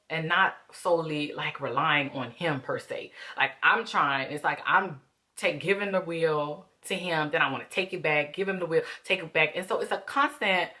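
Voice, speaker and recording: A woman's voice: deep voice, sharp tone. A woman talking openly to her viewers in a reflective vlog, calling them "y'all" as she works through her emotions. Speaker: vlogger. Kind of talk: candid reflective vlog talk.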